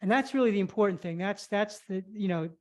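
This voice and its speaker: A woman's voice: medium pitch, fast talker. A woman teaching a live online stretching class, cueing each movement step by step and a little out of breath. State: slightly out of breath. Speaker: flexibility instructor.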